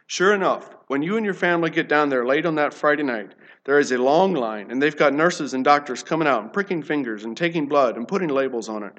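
A man with a fairly high voice tells a sermon illustration with dramatic pacing. He swings between urgent passages and sudden hushed, slowed lines. The delivery stays intense and vivid throughout. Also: lively intonation, highs cut off. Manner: dramatic, sudden drops to a hush, slows for emphasis. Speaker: preacher.

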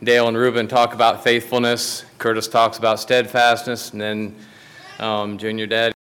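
A man's voice: fairly low pitch, completely flat delivery, normal speed, fairly bright tone. A man delivering a sermon from the pulpit, telling a story in a folksy way with frequent restarts. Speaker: preacher.

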